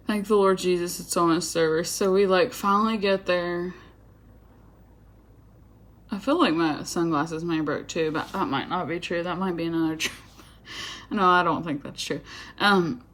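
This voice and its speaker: A woman's voice: fairly low pitch, fairly bright tone. A young woman telling a story casually, chatty and dramatic. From Georgia, USA. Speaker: vlogger.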